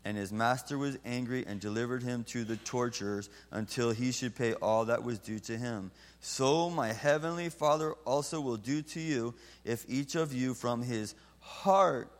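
A man preaches to his congregation in a church sanctuary, earnest and deliberate. His voice sits at an ordinary middle pitch for a man. A long reverb trails after every phrase. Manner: earnest, slows down to stress key lines. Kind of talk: sermon and closing prayer.

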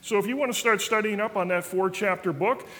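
A man's voice: sits high, fairly quick, pushed and bright. A man teaching a Bible study in a church, earnest and folksy, telling stories. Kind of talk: sermon. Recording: reverberant church hall.

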